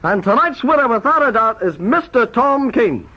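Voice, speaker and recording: A man hosting a spoof quiz in a brisk, mock-formal announcing style. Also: very high voice, sing-song, noisy background. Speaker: quizmaster. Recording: dull lo-fi tape recording.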